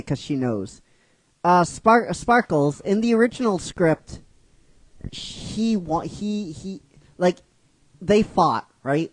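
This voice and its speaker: Man recapping his fan script casually, rambling and repetitive, slow, slightly high voice. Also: no echo. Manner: rambling, keeps asking "right?"; animated, repeats himself. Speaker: fan script writer and narrator. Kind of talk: casual story retelling.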